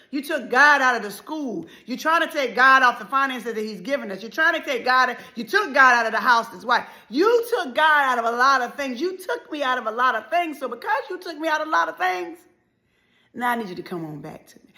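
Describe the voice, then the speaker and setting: Middle-aged woman speaker, somewhat high, sharp bright tone, preacher-style repetitive build-ups. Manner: preacherly, repetitive cadence with sudden loud and soft swings. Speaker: motivational life speaker. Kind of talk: impassioned motivational speech.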